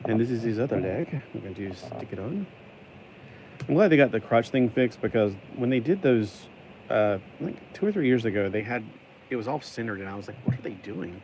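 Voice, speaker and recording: A YouTuber narrates his LEGO build casually, rambling, joking and singing to himself, and today he slips into a put-on, stuck-in accent. His medium-pitched voice is brisk, a little mellow and lively in intonation. The recording is rough, with slight background noise.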